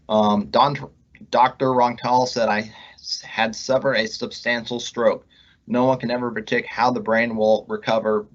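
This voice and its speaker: A man telling his own stroke recovery story, halting with frequent restarts and searching pauses as he recovers his speech. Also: fairly low pitch, muffled recording. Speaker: pharmacist recounting his recovery. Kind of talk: personal testimony.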